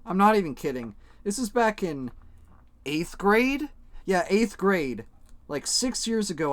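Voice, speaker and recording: Young male streamer, loose joking ramble, swears a lot, slightly high voice, dry sound. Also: a bit bright, dry recording. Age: young adult. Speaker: live streamer. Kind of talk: casual live-stream chat while coloring.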